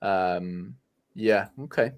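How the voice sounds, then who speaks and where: A man's voice: low-pitched, very slow. A man hosting a casual podcast chat, rambling with lots of fillers and restarts. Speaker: podcast host.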